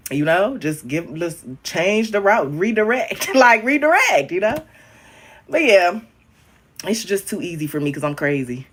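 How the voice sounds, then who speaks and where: Blunt, animated young man livestreaming. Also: a little slow. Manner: frank, profane, animated, with sudden swings up and down in pitch and loudness; talks directly to viewers, calling them honey, babe and queen. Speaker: livestreaming social media creator. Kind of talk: casual livestream chat.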